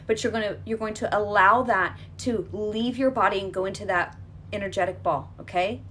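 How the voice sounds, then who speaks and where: A woman's voice: mid-range voice, normal speed, fairly bright tone, slight background noise. A woman leading a guided healing exercise, talking in an emphatic, repetitive coaching manner that is reassuring and direct.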